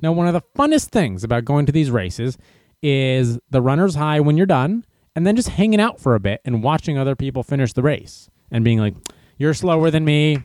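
A man's voice: mid-range voice, big pitch swings, fairly quick, darkish tone, no echo, clean studio sound. A man venting sarcastically and incredulously in a casual monologue, recorded indoors. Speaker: runner venting to camera. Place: indoors in a room.

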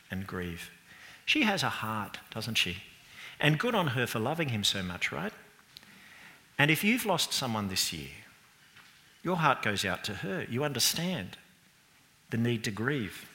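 A man preaching a sermon as pastor, chatty and lively, asking the congregation questions and speaking with a British accent. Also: medium pitch. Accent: British English. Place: church hall. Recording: long reverb from a church hall.

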